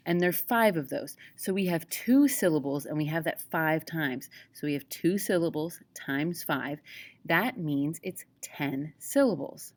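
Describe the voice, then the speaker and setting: Woman, teacher, low voice, casual classroom lecture, chatty. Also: animated, measured pace. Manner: casual, chatty, frequent "okay?" check-ins.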